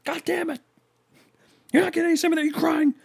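A man voicing his short-tempered father, shouting insults at his son in a high, strained yell. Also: flat delivery, fast talker, creaky, full character voice. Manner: screaming insults, explosive. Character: furious shouting middle-aged dad, short-tempered.

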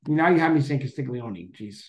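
A man's voice: mid-range voice, moderate pace, a little mellow. Rambling man in an echoey room. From Boston area. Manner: rambling, full of fillers and self-corrections. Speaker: podcast co-host. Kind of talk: casual chat.

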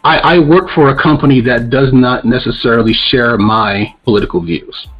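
A man talks bluntly and profanely as a podcast co-host, ranting in a casual, opinionated way. His voice sits at an ordinary middle pitch. The audio is dull and lo-fi, with faint music underneath. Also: normal speed, husky.

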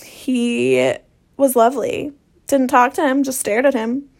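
A woman's voice: high-pitched, fairly even intonation, unhurried, a little mellow. A young woman telling stories in a casual monologue, swearing freely and sarcastic in a ranting way. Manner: profane, sarcastic, rant-like.

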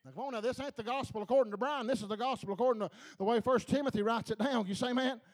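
A male preacher delivering a fervent sermon, halting with filler sounds, laughing and calling out to the congregation. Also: very high-pitched. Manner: fervent, repeats calls to the congregation, laughs between lines.

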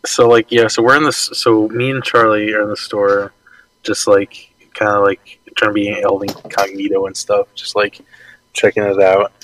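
A man's voice: fairly low pitch, level tone, moderate pace, fairly bright tone. A young man telling a game story in casual chat, rambling and swearing freely. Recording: off-mic, distant.

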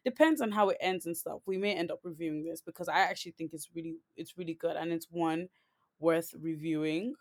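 A woman's voice: fairly low pitch, brisk. A woman co-hosting a podcast, chatting casually and rambling, with many "like"s and restarts. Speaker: podcast co-host. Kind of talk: casual chat.

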